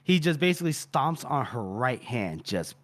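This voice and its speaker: A man co-hosting a podcast who retells a book chapter in a rambling, animated way, swearing casually and filling pauses with "uh" and "you know". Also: medium pitch. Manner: rambling, animated, profane, with many fillers. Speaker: podcast co-host.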